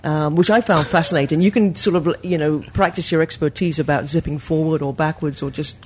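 A woman's voice: low voice, fairly even intonation, fairly quick, slight background noise. A woman chatting as a guest on a podcast roundtable, running through details with lots of restarts. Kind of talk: casual roundtable chat.

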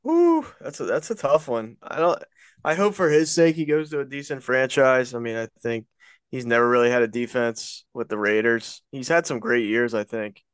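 Male co-host, mid pitch, smooth clear voice, dry close mic, hesitant conversational delivery. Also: lively intonation, normal speed, no room sound. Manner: hesitant, thinks aloud with restarts. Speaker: podcast co-host. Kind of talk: casual sports podcast chat.

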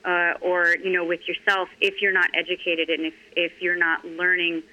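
A middle-aged woman talking candidly in an interview, earnest and halting with frequent restarts. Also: lowish voice, level tone, dull audio. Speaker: guest.

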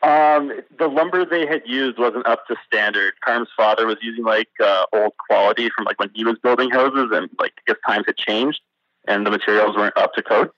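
Playing a phone-in trivia quiz, a caller with a mid-range voice speaks slightly quickly on a dry recording through a dull, lo-fi line. He hesitates and fills gaps with fillers while reasoning out loud through his casual answers.

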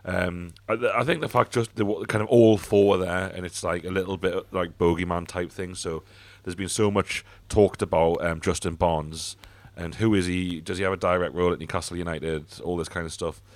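A podcast host with a deep, low voice runs a casual football show, speaking bluntly and swearing freely at a normal pace with few pauses. His intonation is fairly even, he stumbles through fillers and restarts, and the sound is dry and close with no room echo.

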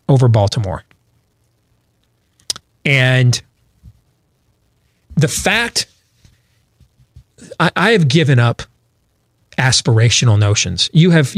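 A man's voice: mid-range voice, expressive, takes it slowly, pauses often, no room sound, clean studio sound. A man hosting a political talk show, talking emphatically with rhetorical questions and frequent restarts.

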